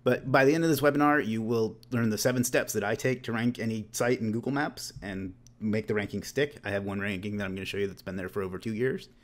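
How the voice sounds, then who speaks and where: A man's voice: lowish voice, fast. A man in his late thirties hosting a casual webinar, talking loosely with joking, self-deprecating asides. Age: late 30s. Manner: loose and conversational, with restarts. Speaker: webinar host.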